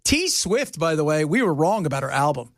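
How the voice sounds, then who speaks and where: A man's voice: fairly high pitch, sing-song, brisk, fairly bright tone, dry recording, clean studio sound. A man hosting a radio talk show, joking and sarcastic in casual banter. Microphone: studio mic.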